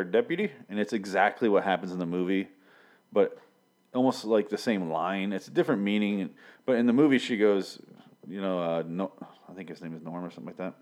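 A man's voice: sits low, darkish tone. A man from Michigan reviewing a TV show in a casual, rambling way, swearing often and correcting himself. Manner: profane, filler-heavy, self-correcting.

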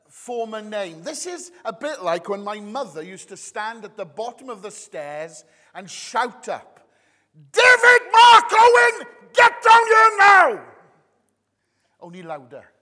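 A man preaches to his congregation in a warm, conversational sermon style, swinging widely up and down in pitch. His voice sits high and bright, and it carries a long reverb tail from the church hall. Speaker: pastor.

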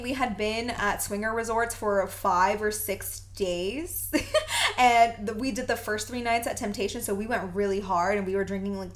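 A woman co-hosting a podcast in casual chat, gushing and laughing often. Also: mid-range voice. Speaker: podcast co-host.

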